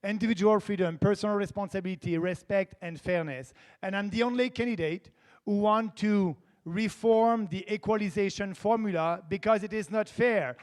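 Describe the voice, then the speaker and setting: A man with a Québécois French accent, whose first language is French, delivers an earnest, emphatic debate statement. His voice sits quite high for a man. It rings with a long reverb, as if heard in a large debate hall. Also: moderate pace. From Quebec, Canada. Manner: earnest, emphatic, stresses key words. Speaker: political candidate.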